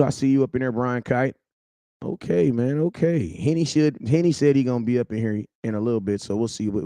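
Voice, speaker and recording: A young adult man hosting a casual livestream, loudly shouting out viewers by name in slangy talk. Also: medium pitch, no echo. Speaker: livestream host.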